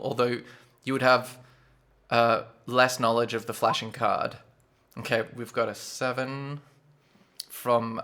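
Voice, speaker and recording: A man narrating as game master for a tabletop game, relaxed and loose, filling his recaps with "sort of" and "like". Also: mid-range voice.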